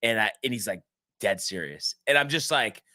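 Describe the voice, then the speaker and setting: A man's voice: on the low side, expressive, normal speed, sharp tone. A man co-hosting a podcast, telling a long story in casual chat, full of restarts and acted-out quotes. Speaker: podcast co-host.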